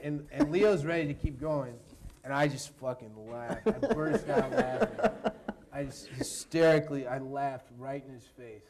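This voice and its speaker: A man, an actor, telling a lively anecdote in an interview at a university event, laughing and mimicking the people in it. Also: medium pitch, a little slow, a crowd in the background. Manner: animated, laughing storyteller who mimics others.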